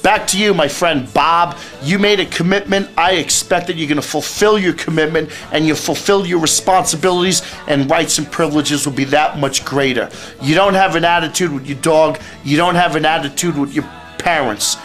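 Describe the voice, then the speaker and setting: A man's voice: a little high, normal speed, a bit bright, faint music behind. A man who is a youth speaker and life coach, giving teens blunt, lecturing advice in a direct monologue.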